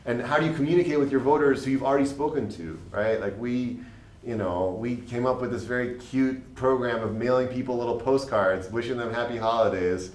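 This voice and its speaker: A man's voice: medium pitch, brisk. A man, a state legislator answering at a panel in an earnest, rambling way, full of fillers. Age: late 20s. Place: public panel event room. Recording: echoey room, faint background noise.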